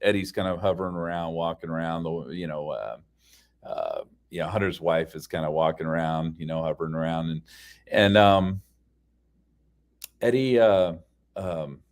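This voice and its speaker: A man's voice: deep voice, moderate pace. A man telling a story as a casual rant, heated and profane, with frequent fillers. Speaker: podcast ranter.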